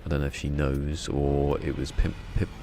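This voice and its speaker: Gravelly deep-voiced streamer. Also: male voice, monotone, moderate pace, noisy background. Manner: rambling, self-mocking banter. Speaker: game streamer. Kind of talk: casual live-stream chat.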